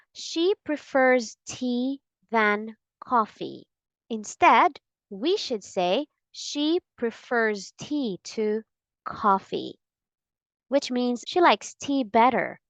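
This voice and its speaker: A woman teaching English pronunciation, speaking patiently and repeating model sentences slowly. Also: mid-range voice, dry recording. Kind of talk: slow, deliberate pronunciation lesson. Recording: dry, slightly dull sound.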